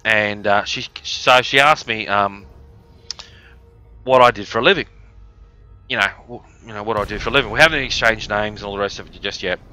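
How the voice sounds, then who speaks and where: A man's voice: on the low side, brisk, pauses often, sharp tone, clean tone, soft background music. Coughing Australian man telling a story. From outback Australia. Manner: rambling, crude, joking. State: has a cough. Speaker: live streamer. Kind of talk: casual storytelling.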